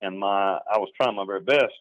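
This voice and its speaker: A man's voice: fairly low pitch, brisk, a bit bright, no echo, poor audio. A middle-aged man from North Carolina, recounting his past in a rambling, emphatic interview, sometimes acting out what others said. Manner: rambling, emphatic, slips into acted quotes. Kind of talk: telling his story in an interview.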